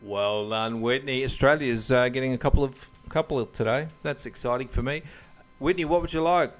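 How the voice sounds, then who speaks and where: A man hosts a casual quiz game for a podcast, with a voice of middling pitch. He reads each clue plainly and then drifts into jokes and banter with the players. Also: brisk, soft background music. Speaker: quiz host.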